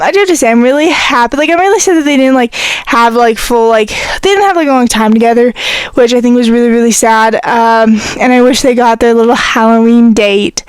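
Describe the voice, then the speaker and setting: A woman's voice: on the high side, smooth, no room sound. A teenage girl hosting a casual podcast, rambling with lots of fillers and sometimes running short of breath. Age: teens. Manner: rambling, filler-heavy, talks to her cat. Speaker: podcast host. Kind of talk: casual chat.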